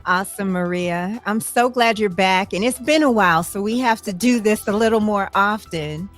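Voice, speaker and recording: A woman's voice: medium pitch, normal speed, soft background music. A woman hosting a podcast, interviewing a guest in a casual, encouraging and affirming way. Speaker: podcast host.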